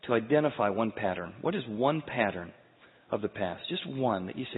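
Earnest preacher in a reverberant church hall. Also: male voice, lowish voice, animated, brisk, slightly rough. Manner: earnest, confessional storytelling. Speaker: pastor. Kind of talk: sermon. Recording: phone-like sound with long hall reverb.

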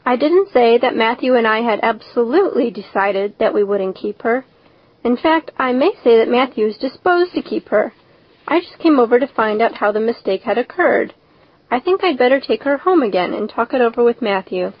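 A woman voicing a stern, practical older woman who speaks in a brisk, scolding way. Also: a little high, animated, no echo. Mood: measured. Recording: dull lo-fi recording.

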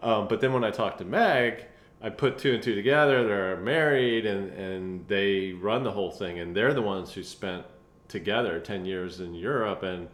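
A man telling a travel story in a casual chat, animated and laughing often. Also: on the low side, moderate pace. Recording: roomy echoey room.

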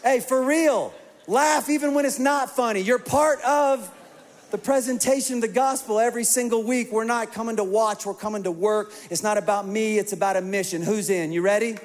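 High-voiced pastor preaching in a big hall. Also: male voice, normal speed. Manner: animated storytelling, swings from hushed to emphatic. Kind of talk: sermon. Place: large church auditorium. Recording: long reverb of a large hall.

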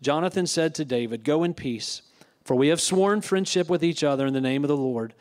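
A man's voice: a little high, a little fast, a little mellow. A male pastor preaching a sermon, reading scripture and retelling it with casual asides.

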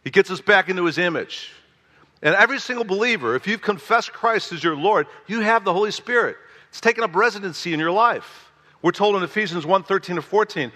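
A pastor in his sixties delivers a sermon, his voice a touch high for a man and bright, with forceful edges. He preaches with animated emphasis, his pitch and volume climbing on key phrases. His voice rings out with a long echo through a church hall. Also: brisk. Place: church sanctuary.

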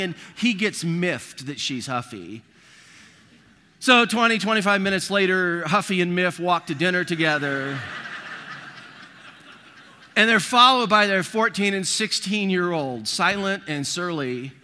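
A man preaching to a congregation, weaving humorous stories and acted-out quotes into his sermon. His voice is bright and forceful, sitting a little high. The sound rings with the long reverb of a large church hall. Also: animated, unhurried. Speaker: pastor.

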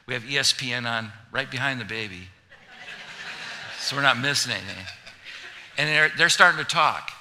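A man preaching a sermon, chatty and joking, then building to loud, emphatic preaching. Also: mid-range voice, animated, normal speed, long pauses, background noise. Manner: conversational, humorous, rising to loud emphatic preaching. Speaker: pastor.

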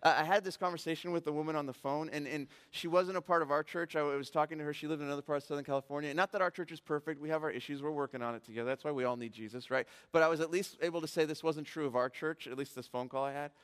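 Male pastor, sermon: earnest, animated storyteller who presses the congregation with direct questions, voice a touch higher than most men's. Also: rapid-fire, few pauses, smooth. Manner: animated storytelling, rising to near shouting at emotional peaks. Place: church sanctuary.

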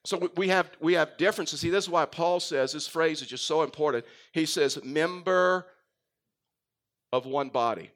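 A middle-aged man from Texas, a pastor preaching a sermon with a faint Texan accent, telling stories and swinging between loud emphasis and quiet asides. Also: a little high, steady tone, a little fast, few pauses. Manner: storytelling, rises and drops in volume for emphasis.

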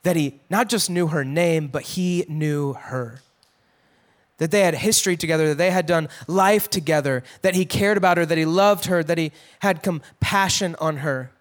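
A man teaching a Bible passage in a casual, conversational way, acting out the quotes with a raised voice and dropping to a hush for emphasis. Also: on the high side, normal speed.

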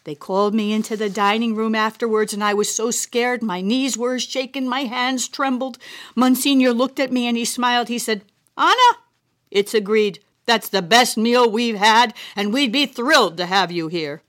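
A woman's voice: on the high side, moderate pace, a bit bright, voice pushed up, lightly acted. A woman voicing an older grandmother, a retired cook, plainspoken and proud, telling a fond, chatty story with exclamations. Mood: reminiscing.

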